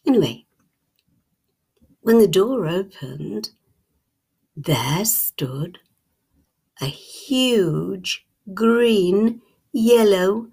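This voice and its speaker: A woman telling a storybook tale in hushed, whispered storytelling ASMR, with lingering pauses. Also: medium pitch, vocal fry, husky.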